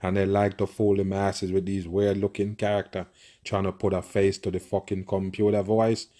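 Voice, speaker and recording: A man's voice: low voice, completely flat delivery, moderate pace, mellow. A man giving profane, conspiratorial reaction commentary on a video, with constant murmured agreement.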